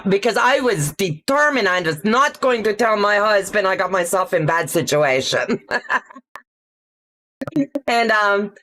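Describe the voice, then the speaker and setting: Hosting a relaxed storytelling stream, a middle-aged woman talks chattily, laughs frequently, and calls out viewers by name. Her mid-range, slightly bright voice is lively but unhurried, with plenty of pauses.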